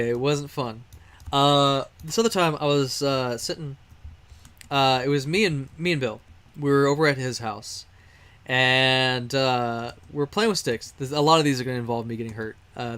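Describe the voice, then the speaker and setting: A man with a mid-range, fairly bright voice tells a loose, rambling story while streaming a game. He's from Texas, USA, and his casual talk is sprinkled with fillers and chuckles.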